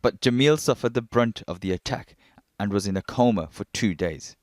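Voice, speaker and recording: A male reporter reading scripted news narration in a measured, matter-of-fact way. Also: lowish voice, a little mellow, no room sound.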